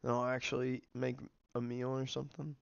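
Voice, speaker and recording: Young male streamer, casual rambling chat, smooth voice with some grit. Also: medium pitch, little pitch movement, a little fast, no room sound, highs cut off. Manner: rambling, filler-heavy, snacking while talking. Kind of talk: casual livestream commentary.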